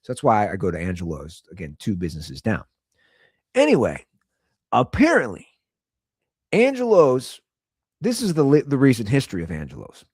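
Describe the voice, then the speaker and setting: A man holds forth on his own talk show in a loose, ranting way. His pitch jumps all over as he builds to incredulous peaks and then drops low again. The sound is close and dry, with no room around it. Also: normal speed, pauses often, husky, no echo. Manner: incredulous, repeats lines for comic emphasis; animated storyteller, swings between loud and low. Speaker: podcast host. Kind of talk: casual comedic rant.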